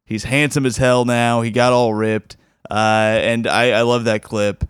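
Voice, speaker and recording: A man's voice: medium pitch, flat delivery, measured pace, clean tone, no echo, studio quality. A man hosting a comedy podcast, chatting casually and enthusiastically with frequent restarts. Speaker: podcast host. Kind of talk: casual commentary.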